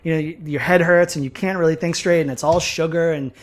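A man's voice: a little high, fast talker. A man telling a rambling tour story in casual chat, swearing freely and acting out what people said. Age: older than mid-twenties. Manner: profane, animated storytelling with acted-out quotes.

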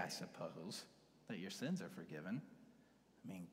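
A man with a lowish voice delivers a sermon in an easy, conversational way, sinking into soft whispers to drive a point home. His voice rings out with a long reverb, as in a big church hall. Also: expressive, normal speed. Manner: conversational preaching, dropping to hushed whispers for emphasis. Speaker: pastor.

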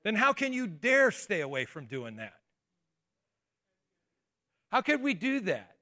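A man preaching a sermon in a high, bright voice. He talks to the congregation in a conversational way, with asides and restarts. He keeps pressing them with rhetorical questions. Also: wildly swooping pitch, a little slow. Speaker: pastor.

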